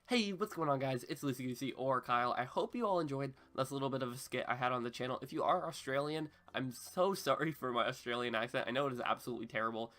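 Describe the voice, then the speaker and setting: A young man hosting a gaming channel, wrapping up the video with a casual outro that rushes along in upbeat, apologetic rambling. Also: mid-range voice, fairly bright tone.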